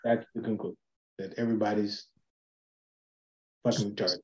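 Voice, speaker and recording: A man's voice: fairly low pitch, steady tone, normal speed, darkish tone. A man co-hosting a podcast, talking casually in a blunt, profane, joking way. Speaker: podcast co-host. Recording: echoey room, dull lo-fi sound.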